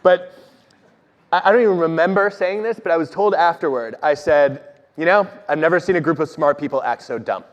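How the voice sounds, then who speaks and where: Man speaking on stage, animated storyteller, slightly high voice, long hall echo, dull sound. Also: a little fast. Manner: animated storytelling, self-deprecating humor. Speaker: organizational psychologist guest speaker. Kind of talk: conversational talk on stage.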